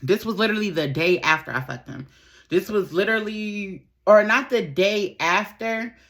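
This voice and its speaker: A young adult woman vlogger telling a casual storytime, animated and slangy, rambling with lots of fillers. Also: mid-range voice, normal speed. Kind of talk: casual storytime while getting ready.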